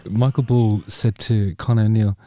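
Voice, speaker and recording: A man's voice: on the low side, fairly even intonation, measured pace, dark tone. A man hosting his channel, talking through a song in a rambling, wry way with lots of ums and casual swearing. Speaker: channel host. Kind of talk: casual reaction commentary.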